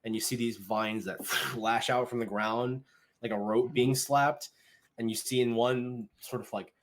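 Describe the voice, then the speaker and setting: A man's voice: medium pitch, fairly even intonation, unhurried. A man narrating as game master of a tabletop game, in a loose, rambling way full of fillers.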